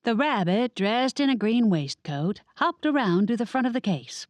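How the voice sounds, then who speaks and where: A woman's voice: a little high, animated, normal speed, hardly any pauses, no echo. A woman narrating a cozy audiobook in first person, wry and conversational.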